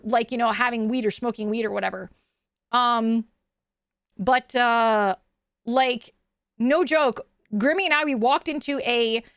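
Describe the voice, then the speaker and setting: High-voiced woman rambling through a story. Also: a bit bright, dry recording, studio quality. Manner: rambling storytelling with many fillers. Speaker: streamer. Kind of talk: casual chat.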